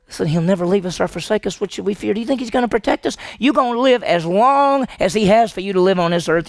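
A man preaching a sermon to his congregation, animated and asking the room questions. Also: high voice, quick pace, vocal fry, hardly any pauses, no echo, clean studio sound. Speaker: pastor. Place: church sanctuary.

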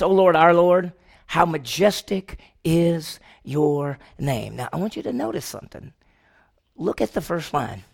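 Gravelly-voiced man teaching a Bible class. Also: high voice. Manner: emphatic, asks the class rhetorical questions; frequent restarts and repeated words. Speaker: Sunday school Bible teacher.

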